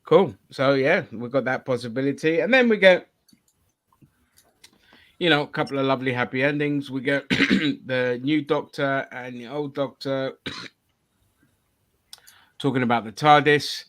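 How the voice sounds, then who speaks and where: A man runs a loose, chatty review podcast at a middling pitch. He talks bluntly, swears often and keeps steering the conversation between his co-hosts. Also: measured pace, pauses often, a bit bright. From England. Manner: blunt, swears freely, leads the discussion. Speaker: podcast host. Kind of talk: casual review chat.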